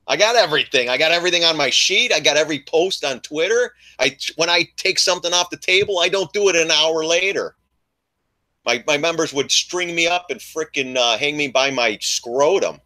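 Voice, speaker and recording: An older man hosting a casual live trading stream, talking in an animated, mocking way and laughing often. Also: on the high side, normal speed. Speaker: live stream host, trader.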